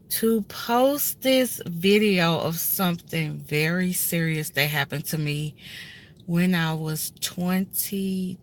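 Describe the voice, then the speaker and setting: A woman in her thirties speaks into a phone held at arm's length inside a car. Her voice is low-set but bright and forceful. She tells a personal story in an earnest, emotional way and often turns straight to her viewers. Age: 30s. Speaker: vlogger telling a personal story. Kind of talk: casual heartfelt story time.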